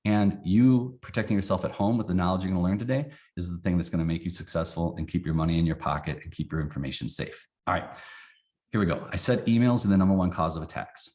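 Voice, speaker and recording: A man who runs a company, presenting a casual training webinar in a folksy, animated way and acting out examples. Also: low voice, fast talker.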